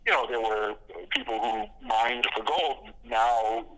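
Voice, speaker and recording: A man's voice: mid-range voice, takes it slowly, a bit bright, low-quality recording. A man guest on a podcast interview, telling his stories casually with many fillers and restarts, laughing at his own jokes. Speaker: podcast guest, comic creator.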